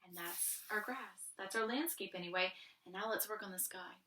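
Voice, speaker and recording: A woman leads a gentle art lesson, praising small details and coaxing young students along as she works. Her voice is bright and clear. It is heard from a little way off the mic, in a roomy, echoing space. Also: mid-range voice, moderate pace, distant mic, slight background noise. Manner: gentle, encouraging, thinks aloud while drawing. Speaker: art teacher. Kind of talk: friendly step-by-step art lesson.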